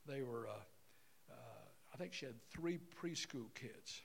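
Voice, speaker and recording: A man's voice: mid-range voice, lively intonation, slow, vocal fry, a little hiss or hum. A man in his sixties giving a folksy, rambling teaching talk, acting out everyday scenes with voices. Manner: rambling, acts out scenarios with voices. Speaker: seminar speaker.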